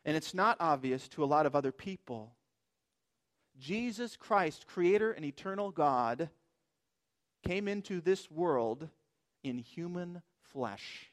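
High-voiced man preaching emphatically. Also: animated, takes it slowly. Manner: emphatic preaching, rhetorical questions. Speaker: pastor. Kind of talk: sermon.

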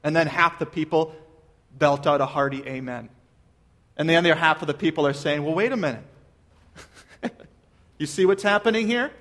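A pastor preaching a sermon to his church, earnest and measured, asking his listeners questions. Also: on the high side, fairly bright tone.

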